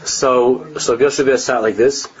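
A man's voice: mid-range voice, fairly even intonation, normal speed. An older man, a rabbi giving a Torah class, telling stories animatedly, laughing at his own anecdotes and mixing Hebrew and Aramaic phrases into his English. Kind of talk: Torah lesson with storytelling. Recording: dull lo-fi recording.

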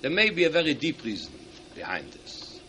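A man giving a Torah lecture to teachers. He reads Hebrew sources in quick bursts and then explains each one in English. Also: a little high, huge pitch swings, pushed and bright, slight background noise. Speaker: rabbi speaking to teachers. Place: hall at an event.

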